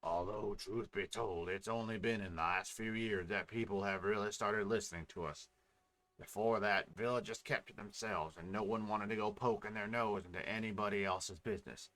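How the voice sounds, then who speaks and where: A man's voice: on the low side, steady tone, normal speed, fairly bright tone, natural voice. A man voicing a friendly middle-aged village fisherman, talking in a plain, homely way. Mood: warm.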